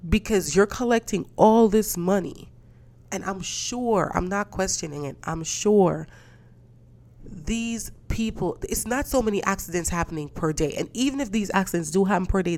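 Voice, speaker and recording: A woman's voice: lowish voice, normal speed, a little mellow. A woman hosting a podcast, ranting in a casual, profane, indignant way and telling stories with quoted voices. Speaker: podcast host. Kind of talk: casual solo rant.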